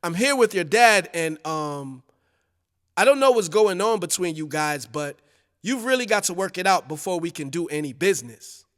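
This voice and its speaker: A man voicing a calm, businesslike record executive who speaks on the phone in a measured, polite and firm way. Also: sits high, big-room sound.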